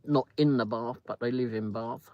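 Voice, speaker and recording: On a lo-fi recording with no echo, a man from Britain hosts a casual livestream at a moderate pace in a mid-range voice. He rambles through a story, chats, greets viewers by name, and reads their comments aloud.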